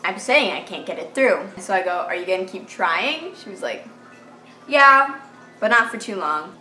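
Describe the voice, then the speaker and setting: A fifteen-year-old girl telling a storytime vlog, animated and dramatic, full of "like" fillers, recorded on a camera mic in a bedroom. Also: mid-range voice, normal speed, faint music behind. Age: teens. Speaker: vlogger. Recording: echoey room with faint hiss.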